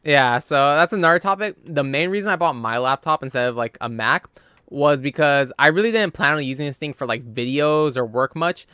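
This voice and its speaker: A man in casual chat who talks bluntly, swears freely and gets louder when worked up. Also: a little high, brisk, clear, resonant tone, no echo, clean studio sound. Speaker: podcast co-host.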